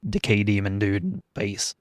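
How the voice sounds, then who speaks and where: A man co-hosting a podcast, recapping a film's plot in a measured, deliberate way, with some swearing. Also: fairly low pitch, lively intonation, no room sound, studio quality. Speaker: podcast co-host. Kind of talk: casual chat, recapping a film.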